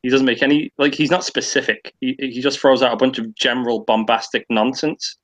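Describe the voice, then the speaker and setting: Man ranting, casual stream chat, sweary, lots of fillers, middle pitch. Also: little pitch movement, fairly quick, fairly bright tone, poor audio. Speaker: guest on a stream.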